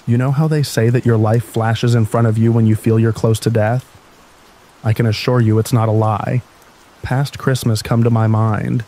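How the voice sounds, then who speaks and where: A man narrating scary stories in an even, slow, soothing bedtime reading style. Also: medium pitch, rough recording. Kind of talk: calm scripted storytelling narration.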